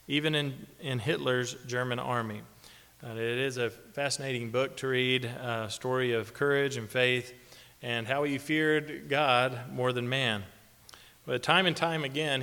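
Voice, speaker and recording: A male preacher giving a conversational sermon, halting with fillers and chuckling often. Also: mid-range voice, bright, forceful tone, clear, resonant tone. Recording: long hall reverb.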